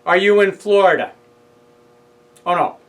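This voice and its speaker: Slow-talking man with a New York accent. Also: high-pitched, fairly bright tone, rough recording. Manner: acts out both sides of a heated phone argument. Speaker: speaker recounting a legal case. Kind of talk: casual storytelling monologue.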